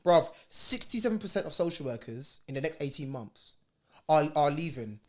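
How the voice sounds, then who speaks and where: A man's voice: a little high, sing-song, moderate pace, a little mellow. A man co-hosting a casual podcast, making emphatic points full of slang and figures. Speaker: podcast co-host. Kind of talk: casual chat.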